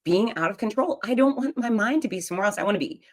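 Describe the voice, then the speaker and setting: A woman's voice: mid-range voice, animated, quick pace. A middle-aged woman hosting a show, telling a personal story in a frank, humorous and confiding way. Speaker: podcast host.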